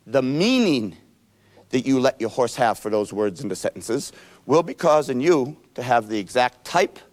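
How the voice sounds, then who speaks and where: Animated folksy male seminar speaker. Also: mid-range voice. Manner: animated, folksy, playful storytelling. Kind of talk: self-help seminar lecture.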